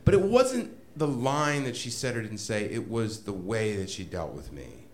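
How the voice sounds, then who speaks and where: A man telling a comedic story to a live audience, animated and self-mocking, laughing often as he goes. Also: fairly low pitch, moderate pace, slight background noise.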